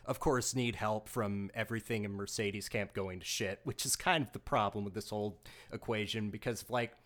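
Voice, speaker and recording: A man's voice: lowish voice, steady tone, moderate pace, a bit bright. A man guesting on a podcast in casual chat, laid-back and slangy, who swears freely.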